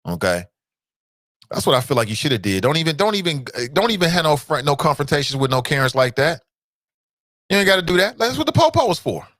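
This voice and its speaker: A man hosting a talk show in a casual, animated way, swinging his pitch up and down. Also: fast talker, dry recording, studio quality.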